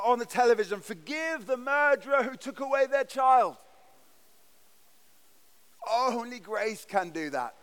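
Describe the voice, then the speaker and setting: Guy preaching slow n earnest, stumbles and restarts words, pretty high voice. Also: a bit bright, clear, resonant tone. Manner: earnest, emphatic delivery with frequent stammered restarts. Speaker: pastor. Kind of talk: sermon. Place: church.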